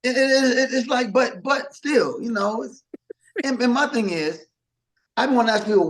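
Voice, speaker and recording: A middle-aged man, a singer as interview guest, talking casually in a rambling, animated way with many restarts and acted-out quotes. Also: extremely high pitch, normal speed.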